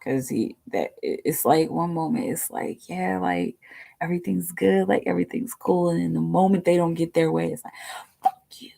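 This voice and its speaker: A woman's voice: fairly low pitch, normal speed, vocal fry, dark tone. A woman hosting a live tarot reading stream, talking in a chatty, rambling way with lots of fillers and casual swearing. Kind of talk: casual livestream chat.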